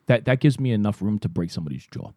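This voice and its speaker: A man with a husky, mellow voice that swings widely in pitch as he teases and needles with crude jokes. The sound is dry and close. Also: expressive, fast, dry recording. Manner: crude, teasing, probing questions. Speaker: podcast co-host. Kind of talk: casual comedic chat.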